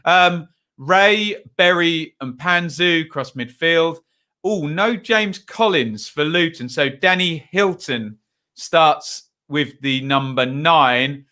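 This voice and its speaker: A man's voice: on the high side, slow, sharp tone, clean tone. A young English man hosting a live football stream, chatting casually, reading out lineups and viewer comments with plenty of ums. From England. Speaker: football channel host.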